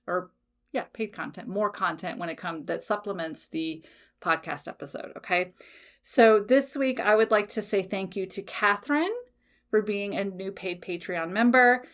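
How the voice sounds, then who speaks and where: A woman's voice: mid-range voice, a bit bright. A woman hosting a podcast, talking bluntly and emphatically, swearing freely and checking in with "okay?". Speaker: podcast host. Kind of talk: casual motivational podcast talk.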